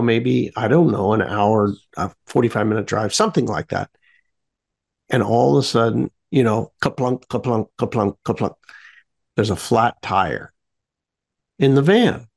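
Man with a gravelly voice; casual rambling storyteller on a radio talk show, lots of fillers and restarts, pitch swinging widely. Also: measured pace. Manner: animated when telling the fun parts.

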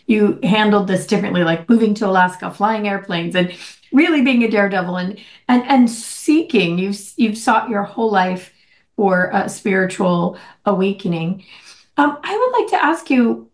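A woman's voice: mid-range voice, animated, moderate pace. Affirming woman interviewer, encouraging, recorded in a roomy space. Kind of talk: interview questions. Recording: roomy echo.

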